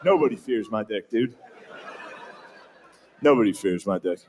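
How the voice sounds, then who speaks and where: A man's voice: lowish voice, unhurried. A man doing a stand-up set, with a laid-back, crude and self-mocking delivery. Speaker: stand-up comedian. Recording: live set with steady background noise.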